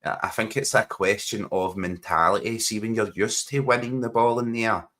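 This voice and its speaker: A man's voice: on the low side, steady tone, normal speed, a bit bright, a little hiss or hum. A man, co-hosting a casual podcast chat while watching a football match, joking and laughing often. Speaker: podcast co-host.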